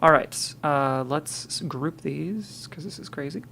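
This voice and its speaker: A man's voice: a little high, unhurried, vocal fry, noisy background. A man on a live stream, thinking aloud and muttering to himself, counting and correcting himself as he works.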